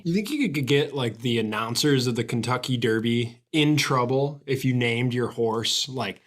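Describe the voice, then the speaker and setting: A young man in casual comedic chat, riffing absurd jokes with a deadpan edge and frequent swearing. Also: mid-range voice, moderate pace. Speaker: podcast co-host.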